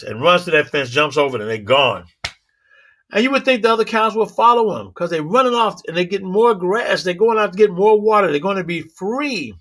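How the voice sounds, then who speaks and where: A man giving a motivational talk, telling animated stories with sound effects and rhythmic, preacherly repetition. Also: mid-range voice, brisk. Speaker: motivational speaker.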